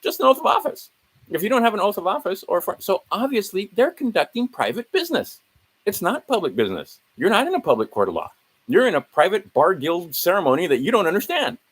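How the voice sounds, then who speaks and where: A man's voice: sits high, sing-song, fast, a bit bright, slightly rough, poor audio. A man walking viewers through his documents in a casual screen-share, rambling and correcting himself as he rattles off legal citations. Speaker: video host.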